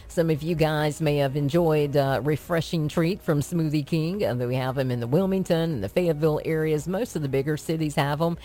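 A woman's voice: sits low, a little mellow. A woman hosting a radio show, chatting casually and rambling in a self-amused way. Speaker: radio host.

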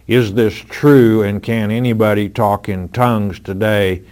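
A man answering listeners' Bible questions in a firm, measured, plain-spoken way. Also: fairly low pitch, steady tone, darkish tone.

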